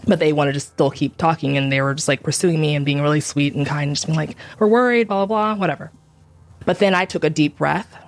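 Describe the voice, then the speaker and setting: A woman's voice: low voice, steady tone, fast talker. A woman talking through a painful personal experience in an intense monologue, often repeating herself and acting out what others said. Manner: intense, repeats herself, acts out quoted speech. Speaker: podcaster on church abuse.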